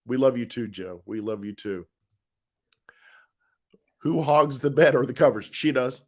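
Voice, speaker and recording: Middle-aged male co-host, relaxed and rambling, chatting live with viewers, plenty of restarts. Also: mid-range voice, measured pace. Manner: easygoing, rambling, with frequent restarts and laughs. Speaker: co-host of a live chat show, husband of the author. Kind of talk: casual live-stream chat reading viewer comments.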